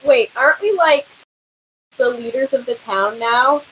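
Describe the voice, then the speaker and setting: A young adult tabletop game player, playful and excitable, who slips into loud in-character shouting. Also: high-pitched, unhurried, lo-fi sound, a little hiss or hum. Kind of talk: playful in-character role-play.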